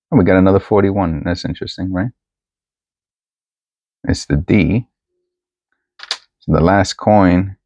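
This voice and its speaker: A coin-collecting vlogger with a deep, darkish voice chats casually while going through his coins at home, thinking aloud and restarting many times. His new desk mic gives a dry, dull-sounding recording.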